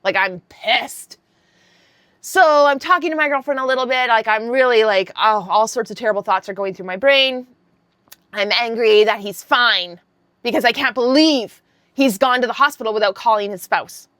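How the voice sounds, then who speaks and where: Blunt, high-voiced woman vlogger. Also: normal speed, no echo, clean studio sound. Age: 50s. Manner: blunt and swearing, animated retelling. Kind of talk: casual storytelling vlog.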